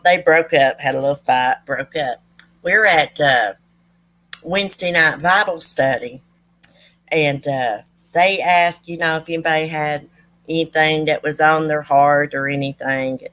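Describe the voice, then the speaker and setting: A woman's voice: low-pitched, a bit bright. A woman talks to her viewers as a channel host. She tells family stories in a folksy, rambling way, full of asides and side remarks. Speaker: true crime channel host. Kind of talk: casual storytelling to viewers.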